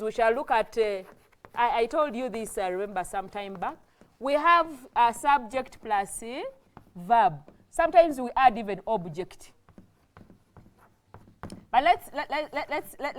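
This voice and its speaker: A woman giving a televised classroom lesson as a teacher, explaining slowly, repeating herself and often checking with "okay?". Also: on the high side. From Uganda. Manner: slow, repetitive explaining, with frequent restarts and "okay?" checks. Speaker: English teacher.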